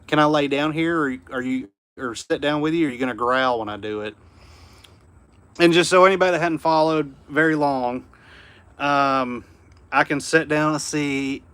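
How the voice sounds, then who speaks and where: A man with a Southern US accent hosting a casual livestream from home, reading viewer comments and speaking gently to his dog. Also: a little high, moderate pace, smooth, no room sound. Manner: easygoing, drops to a hushed murmur around his dog. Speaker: livestream host. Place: home room indoors.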